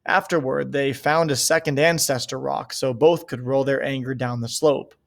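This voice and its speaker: Gravelly man reading a novel aloud. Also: medium pitch, steady tone, normal speed. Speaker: reader.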